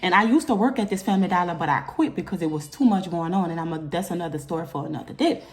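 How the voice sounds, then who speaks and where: A young woman tells a personal story fast in her casual storytime vlog. She's animated the whole way, and her voice springs into loud, high bursts whenever she's upset.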